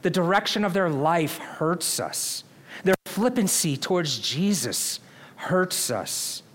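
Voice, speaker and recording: A pastor preaching a sermon in an earnest, conversational way, often asking the congregation questions. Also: male voice, high-pitched, expressive, takes it slowly, a bit bright.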